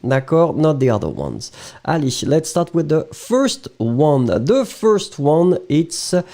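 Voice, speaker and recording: A man with a French accent and French as his first language runs a live-streamed French lesson. His voice is warm and mellow, a little high for a man, and his pitch swings widely and lively. He keeps it playful and chatty, checking in with the class constantly. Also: slow. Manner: playful, chatty, checks in often with "d'accord?" and "huh?". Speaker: French teacher.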